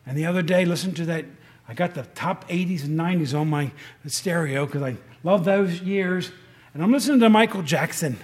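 In a rain-drummed room under a tin roof, a preacher delivers a loose, chatty sermon. His male voice sits fairly high and moves fairly quickly, and he keeps asking the congregation questions and restarting his sentences.

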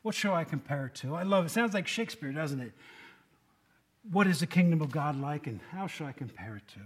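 A man's voice: a little high, lively intonation, a little fast. A man preaching a conversational sermon, folksy and quizzing his listeners by name. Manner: folksy, asks the congregation questions by name.

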